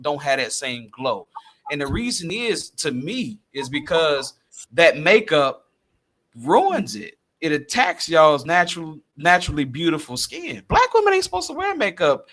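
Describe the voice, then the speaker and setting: A man hosting a casual podcast, telling stories in an animated way and laughing often. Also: fairly high pitch, no echo. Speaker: podcast host.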